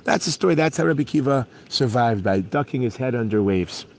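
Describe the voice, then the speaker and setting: A man's voice: medium pitch, animated, a little fast, poor audio. A man, a rabbi, teaching a daily Talmud class in a conversational, storytelling manner. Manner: conversational, storytelling, with fillers and restarts.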